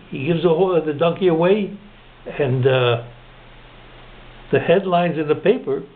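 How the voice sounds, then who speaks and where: A man telling a long shaggy-dog joke, chuckling at his own punchlines and slowing down to deliver them. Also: high-pitched, expressive. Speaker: joke teller. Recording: narrow phone-like sound.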